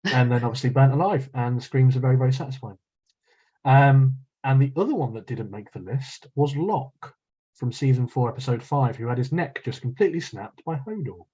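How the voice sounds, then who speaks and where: A man chats and laughs easily, swearing now and then. His voice is a little husky. The recording sounds dull and lo-fi. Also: medium pitch, expressive, brisk, warm tone. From English Midlands. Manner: laughs often, swears casually. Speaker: podcast co-host. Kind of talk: casual chat.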